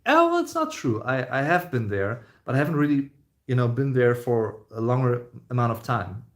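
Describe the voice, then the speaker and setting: A man in his thirties with a German accent, hosting a casual live stream, reading viewer comments and rambling with many fillers and restarts. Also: medium pitch. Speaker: YouTube host reading live chat.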